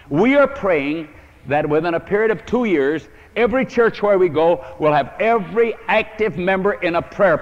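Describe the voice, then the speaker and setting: A man preaching a sermon to a congregation, telling stories and acting out the prayers of people he met. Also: high-pitched. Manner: storytelling, acts out prayers, earnest. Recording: dull old recording in a reverberant hall.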